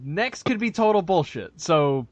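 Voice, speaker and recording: A man's voice: a little high, expressive, unhurried, a little mellow, no room sound, highs cut off. Rambling, profane man on a podcast. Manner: rambling, profane, with frequent restarts and acted-out quotes. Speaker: podcast co-host. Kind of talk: casual chat, movie review.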